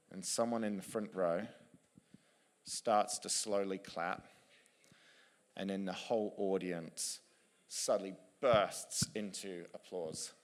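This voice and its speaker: A man, an author and speaker, telling a story to a live audience, lively and with frequent restarts. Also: on the low side, smooth, long reverb tail. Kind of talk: storytelling talk on stage.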